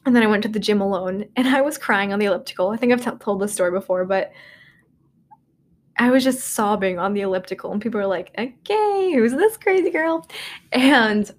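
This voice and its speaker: A woman in her twenties, mid-range voiced and quick-paced, hosts a casual solo podcast from her dorm. Rambling and self-deprecating, she uses plenty of "like" and "um."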